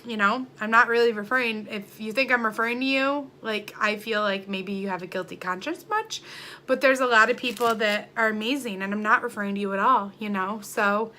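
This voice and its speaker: A woman's voice: mid-range voice, steady tone, fairly quick, a little hiss or hum. Heated, defiant woman vlogger ranting. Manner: heated, defiant, swinging between quiet and loud. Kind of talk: emotional vlog rant.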